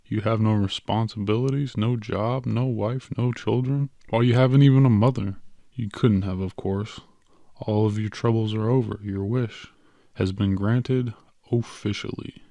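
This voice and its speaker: A man reading an audiobook, voicing a patient, cheerful little male stranger with quick, coaxing salesman patter. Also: on the low side, steady tone, gravelly, mellow, no echo.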